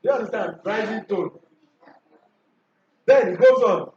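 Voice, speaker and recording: High-voiced male teacher quizzing a class. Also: unhurried, darkish tone. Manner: quizzing students, repeating questions. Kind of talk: classroom revision lesson. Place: school classroom. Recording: echoey classroom from far off, dull and lo-fi.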